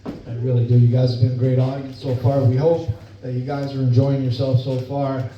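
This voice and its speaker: A middle-aged man tells folksy family stories in a stand-up set, chuckling at his own punchlines. His voice sits at an ordinary pitch but comes through roomy and distant. Steady chatter and noise hang under the dull recording. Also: brisk. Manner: folksy storytelling, laughs at own jokes. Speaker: stand-up comedian. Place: club or bar stage. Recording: echoey room, distant mic, dull, noisy.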